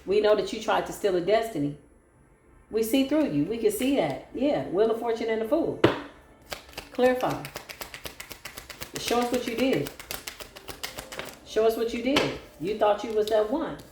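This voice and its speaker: A woman's voice: a little high, animated, normal speed, long pauses, background noise. A woman giving a solo tarot reading, sassy, sarcastic and preachy. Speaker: tarot reader. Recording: echoey room with faint music.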